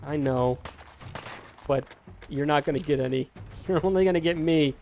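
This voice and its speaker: Casual gameplay commentator, man, slightly raised pitch, teasing parental tone toward game characters; faint music bed. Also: moderate pace, gravelly, long pauses, a little mellow. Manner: playful, talks to game characters like a scolding parent. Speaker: gameplay streamer. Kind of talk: casual let's-play commentary.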